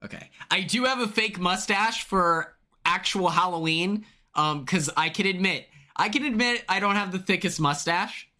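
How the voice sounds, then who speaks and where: A young man chatting casually on a live stream, excitable and chatty, greeting viewers by name from his home. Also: high-pitched, moderate pace.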